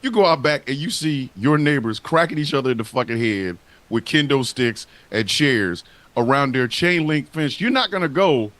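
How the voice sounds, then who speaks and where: A man co-hosting a casual talk show, joking in a profane, expressive way. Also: a little high, moderate pace, no room sound. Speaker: podcast co-host. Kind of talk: casual comedic chat.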